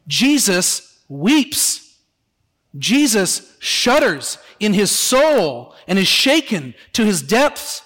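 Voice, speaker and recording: High-voiced male pastor preaching in a reverberant church. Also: big pitch swings, extremely slow, a bit bright. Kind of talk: sermon. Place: church sanctuary.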